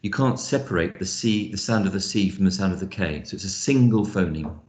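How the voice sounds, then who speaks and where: A man with a lowish voice leads an online phonics lesson, stopping often to think and spelling out letters. His voice carries a noticeable room echo around it. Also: expressive, fairly quick, a little mellow. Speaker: lecturer. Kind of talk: online teaching session.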